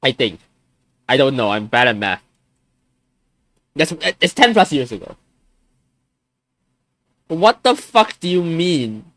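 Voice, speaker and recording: A man's voice: mid-range voice, very animated, slow, long pauses, fairly bright tone, no room sound. A young man in his twenties venting on a live stream, frustrated and swearing, often stumbling and restarting his sentences.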